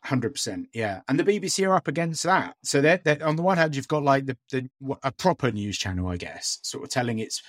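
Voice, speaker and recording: A man's voice: mid-range voice, sing-song, a little fast, few pauses, dry recording, clean studio sound. A man co-hosting a podcast in casual chat, talking hesitantly with lots of fillers and restarts. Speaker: podcast co-host.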